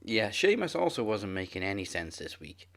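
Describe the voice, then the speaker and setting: Low-voiced blunt man. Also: big pitch swings, moderate pace, fairly bright tone. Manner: dry, blunt, swears. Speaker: podcast co-host. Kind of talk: casual wrestling chat.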